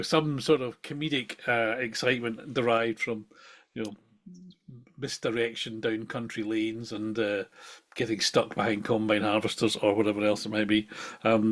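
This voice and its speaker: A man of middle pitch chats on a podcast, rambling through thoughts with wry, self-deprecating humour. His delivery is loose and conversational. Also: fairly bright tone. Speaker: podcast co-host. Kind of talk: casual chat.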